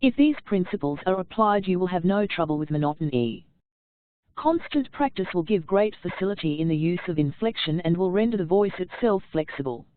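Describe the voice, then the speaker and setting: A woman narrating an audiobook of a public-speaking textbook, reading in a measured, deliberate way with marked inflection. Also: fairly low pitch, animated, no room sound. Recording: dry, tinny phone-like sound.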